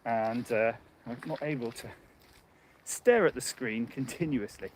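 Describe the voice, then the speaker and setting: Hosting a casual livestream from a phone in his hand, a man chats and rambles as he walks a muddy path outside, laughing often. He speaks a little slowly at medium pitch, with some slight background noise.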